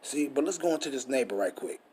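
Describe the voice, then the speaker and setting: A man's voice: mid-range voice, expressive, fast, darkish tone, a little hiss or hum. A man teaching scripture in a preachy, emphatic way, full of rhetorical questions and swearing. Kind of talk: street-style scripture teaching.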